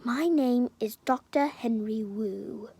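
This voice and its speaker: A woman doing a hushed, whispery male scientist. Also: fairly high pitch, slow, slightly rough, heavily acted. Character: soft-spoken male scientist who revives the dead, 30s to 40s.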